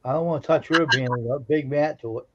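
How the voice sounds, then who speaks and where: A man's voice: mid-range voice, fairly quick, muffled recording, background noise. A man co-hosting a live stream, chatting casually with plain, teasing banter. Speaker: co-host. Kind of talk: casual chat.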